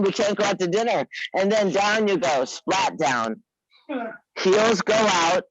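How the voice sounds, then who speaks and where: A woman teaching a live yoga class, giving unhurried, coaxing cues and teasing her students by name. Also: fairly low pitch, expressive, dry recording, rough recording. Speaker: yoga instructor.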